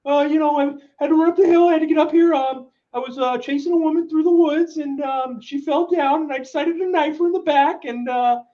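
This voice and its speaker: A man voicing a breathless, rambling male coworker who makes creepy excuses, in a high strained voice. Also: fairly quick, few pauses, warm tone, dull audio.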